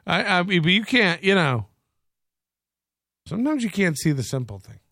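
A man hosting a casual live stream, talking in a bright, pushed, rather high voice. He mocks what he watches with dry sarcasm and reads viewer comments out loud. The sound is close and dry, with no room around it. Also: sing-song, moderate pace, no echo. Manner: sardonic, mocking asides, reads chat comments aloud. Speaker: stream host reacting to clips.

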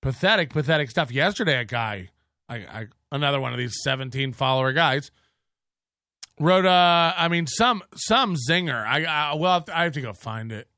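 A man's voice: on the high side, animated, moderate pace, sharp tone, no room sound, clean studio sound. A middle-aged man hosting an online show, ranting in sarcastic, profane commentary and muttering while he scrolls through posts.

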